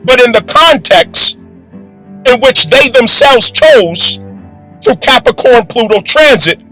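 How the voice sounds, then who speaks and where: A man delivering forceful, preachy commentary in a profane, combative way. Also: extremely high pitch, expressive, slow, poor audio. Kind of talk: preaching commentary over music. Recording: music bed under voice.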